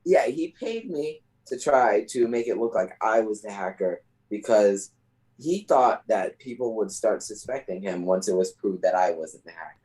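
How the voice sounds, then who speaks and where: A man's voice: lowish voice, expressive, normal speed, darkish tone, low-quality recording. A man co-hosting a podcast, explaining himself defensively in casual chat. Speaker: podcast co-host.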